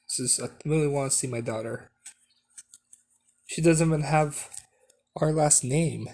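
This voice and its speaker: A man voicing a frustrated, impatient ninja mother in a fan story, speaking in a halting way. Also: fairly high pitch, a little mellow, pitched above the performer's own voice. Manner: halting, hesitant delivery.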